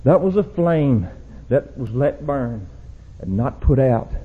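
A young man preaching a sermon, swinging from low, quiet warnings to loud shouted exhortation. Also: animated, slow, breathy edge. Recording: dull lo-fi church recording.

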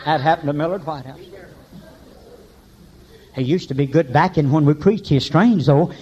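An older man preaching a revival sermon in church, telling folksy stories and breaking into high shouts. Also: normal speed, breathy edge. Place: church meeting. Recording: dull lo-fi recording.

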